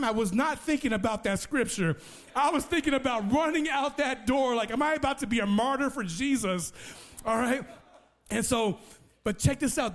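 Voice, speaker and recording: A man with a notably high voice for a man delivers a sermon testimony. He tells it as a lively story, often repeating words as he restarts a thought. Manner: lively storyteller who acts out other people's voices. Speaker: preacher sharing a testimony.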